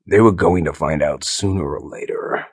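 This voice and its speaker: Man doing a gravelly, cocky agent. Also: very deep voice, moderate pace, no echo, studio quality, pitched below the performer's own voice. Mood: smug. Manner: cocky, scoffing. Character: smug, cocky male agent, insubordinate. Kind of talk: audiobook character voice.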